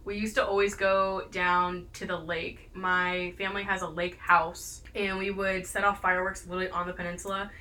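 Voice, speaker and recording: Bright young woman, laid-back chat. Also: lowish voice, level tone, moderate pace, hardly any pauses. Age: young adult. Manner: laid-back, frequent filler words. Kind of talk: casual chat.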